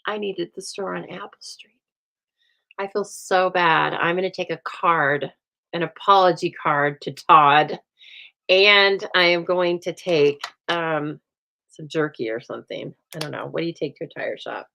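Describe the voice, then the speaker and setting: Woman, craft host, casual storytelling, chatty and animated, slightly low voice. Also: unhurried, creaky, low-quality recording. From United States.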